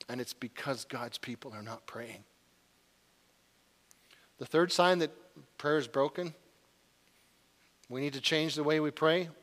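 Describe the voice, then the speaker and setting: A man's voice: mid-range voice, a bit bright. A man in his forties preaching a sermon as a pastor, earnest and confessional, building to urgency. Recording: long hall reverb.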